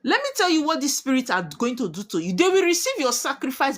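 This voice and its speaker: A woman speaks as a spiritualist addressing her followers. Her voice sits high and swoops widely as she drives home warnings in an emphatic, preaching manner. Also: sing-song, fast talker, fairly bright tone. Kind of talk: prophetic monologue to viewers.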